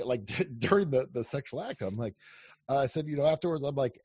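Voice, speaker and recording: A man chatting casually as a podcast guest, telling animated stories, acting out quoted lines and swearing freely. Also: medium pitch, quick pace, slightly rough, no echo. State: on day four of a fast. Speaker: podcast guest, dating coach. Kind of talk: casual chat.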